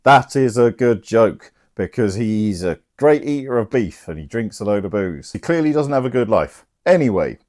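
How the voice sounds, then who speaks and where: The host, a young man with a lowish voice, retells a play's plot at normal speed with few pauses. He's drinking and slightly tipsy, animated and irreverent, swearing freely as he goes.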